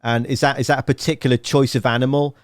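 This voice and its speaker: A man's voice: medium pitch, little pitch movement, fast, no room sound, studio quality. A man with an English accent hosting a conversational podcast interview, asking long, rambling questions with playful, jokey asides. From England. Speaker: podcast host.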